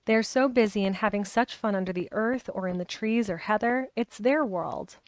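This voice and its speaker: A woman's voice: mid-range voice, moderate pace, no room sound, natural voice. Woman doing a stubborn blunt little girl. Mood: eager. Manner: plain, obstinate, matter-of-fact. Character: blunt, contrary young girl, stubborn and outspoken.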